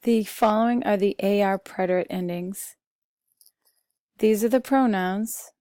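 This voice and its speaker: Slow, patient woman teaching Spanish. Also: mid-range voice, fairly even intonation, warm tone, dry recording, studio quality. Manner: slow, patient, talks through vocabulary lists with fillers. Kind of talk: recorded classroom lesson.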